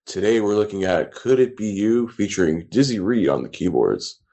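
A male podcast co-host with a low, husky voice that swings widely in pitch. He fires back quick teasing retorts in a loose, casual chat. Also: animated, warm tone.

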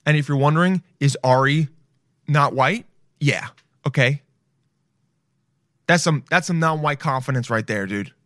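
A man talking straight to viewers in a casual, profane monologue, loud and animated, swearing freely. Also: on the high side, a little slow, long pauses, no room sound, studio quality. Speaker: vlogger.

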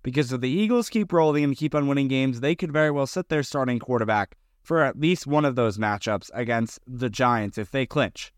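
Young man, sports podcast co-host, eager, smooth voice. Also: mid-range voice, fairly quick, few pauses, dry recording, studio quality. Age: young adult. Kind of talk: casual sports podcast chat.

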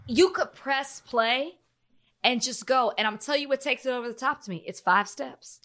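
A woman's voice: sits high, normal speed, a bit bright. A woman co-hosting a podcast, chatting in an emphatic, insistent and teasing way. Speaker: podcast co-host. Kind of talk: casual chat.

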